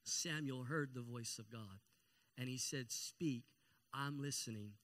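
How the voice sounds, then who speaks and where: A man's voice: medium pitch, measured pace. Man preaching, repeating phrases for emphasis. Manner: repeats key phrases, calls for amens; grows louder and more excited. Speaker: pastor. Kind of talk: sermon.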